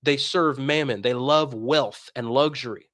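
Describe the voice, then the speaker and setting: A man's voice: medium pitch, unhurried, a bit bright, no echo, studio quality. A man giving impassioned religious commentary on a stream, combative and emphatic, firing off rhetorical questions.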